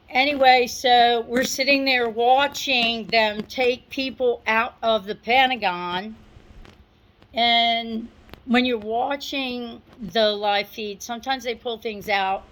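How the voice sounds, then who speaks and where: Middle-aged woman storyteller, fairly high voice, slow and chatty, sharing a personal memory. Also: poor audio. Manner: unhurried and conversational, with asides and soft laughs. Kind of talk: personal recollection, told to an audience.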